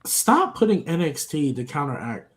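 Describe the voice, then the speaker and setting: A man co-hosting a podcast in casual, animated, joking chat over a remote call. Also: a little high, moderate pace. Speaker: podcast co-host.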